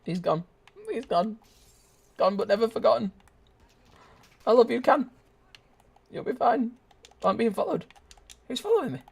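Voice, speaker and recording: Excitable young man streaming games. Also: extremely high pitch, normal speed, vocal fry, long pauses, husky. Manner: excitable, shouts and laughs at the game; joking banter with chat. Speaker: gaming streamer. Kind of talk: live gameplay commentary.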